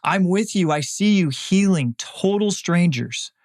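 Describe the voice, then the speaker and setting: A man's voice: high-pitched, expressive, measured pace, darkish tone, pitched above the performer's own voice. A man voicing a grieving, angry male disciple who pleads with and accuses God, raising his voice in anguish. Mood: anguished, accusing.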